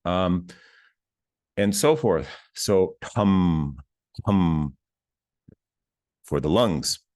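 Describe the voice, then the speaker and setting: Man teaching outdoors, low voice, dry close sound, chatty and self-mocking, chants syllables between points. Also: expressive, drawn-out words, a little mellow, no echo. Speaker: spiritual teacher. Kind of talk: casual teaching talk. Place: outdoors near a bridge.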